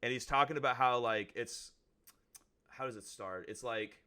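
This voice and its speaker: Podcast co-host, male, bright forceful tone, rambly and full of fillers. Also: mid-range voice, moderate pace, smooth. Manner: rambling, hedging with many fillers. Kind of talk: casual chat.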